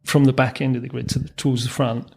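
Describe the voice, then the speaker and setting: A man's voice: mid-range voice, level tone, fast talker, vocal fry, breathy edge. A man, a former racing mechanic telling anecdotes as a podcast guest, chuckling through his stories with frequent ums and restarts. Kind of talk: storytelling in a podcast interview.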